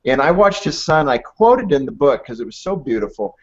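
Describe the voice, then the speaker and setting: A man's voice: medium pitch, sing-song, slightly rough. A middle-aged man giving an interview, telling stories earnestly and building his points with emphasis. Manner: earnest, storytelling, emphatic with pauses. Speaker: author and ministry head, interview guest. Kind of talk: conversational interview. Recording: dull lo-fi audio.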